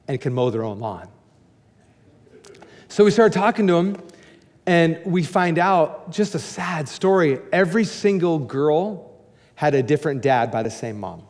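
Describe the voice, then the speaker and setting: High-voiced animated preacher man. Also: in a large hall. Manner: animated, candid, jumps to high excited shouts. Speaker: pastor. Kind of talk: storytelling sermon.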